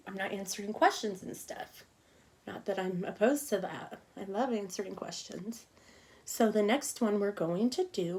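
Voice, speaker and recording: A middle-aged woman teaching an online cupcake decorating class, chatting casually and talking to herself as she works. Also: mid-range voice. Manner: chatty, talks to herself while working, soft murmurs.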